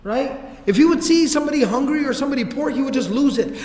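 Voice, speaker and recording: A man's voice: very high voice, expressive, fast, few pauses, a little mellow. A man giving a casual, conversational religious history lecture, with slangy turns of phrase, in a large hall. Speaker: religious teacher. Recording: echoey hall with long reverb.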